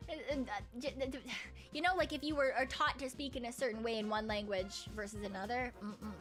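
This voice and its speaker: A woman's voice: a little high, steady tone, fast, a bit bright, faint music behind. A woman streamer chatting casually with her viewers, rambling and humming between thoughts. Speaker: live streamer. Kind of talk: casual live-stream chat.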